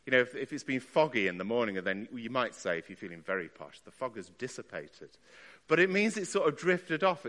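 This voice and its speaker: Man, preacher, conversational sermon, rhetorical questions, bright tone. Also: on the low side, big-room sound. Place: church.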